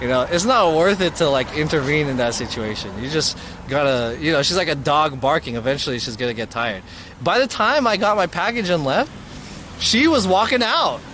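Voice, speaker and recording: Young man, live streamer, slangy and profane, animated retelling, fairly high voice, loud traffic noise. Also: normal speed. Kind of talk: casual storytelling on a live stream. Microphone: mobile streaming mic.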